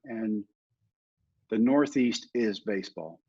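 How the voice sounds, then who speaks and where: Middle-aged male guest, husky voice, lively anecdotal storyteller, slightly dull lo-fi audio. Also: lowish voice, slow pace. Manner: animated anecdotes, acting out other people's lines. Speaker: guest, former ballplayer and motivational speaker. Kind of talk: casual storytelling in a podcast interview.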